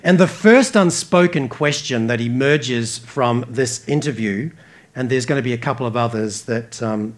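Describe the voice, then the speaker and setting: A man with an Australian accent preaching a sermon earnestly, rising emphatically and dropping soft. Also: medium pitch. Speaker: pastor.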